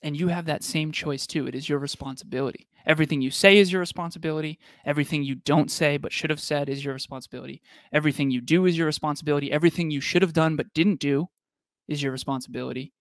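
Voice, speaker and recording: A man's voice: on the high side, steady tone, fast talker, no room sound, studio quality. A man co-hosting a live podcast, giving an emphatic, repetitive motivational talk. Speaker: podcast co-host.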